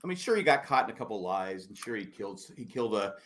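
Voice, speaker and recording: A man co-hosting a podcast, telling stories in a sarcastic, animated way. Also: on the low side, fast talker. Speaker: podcast co-host. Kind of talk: casual podcast banter.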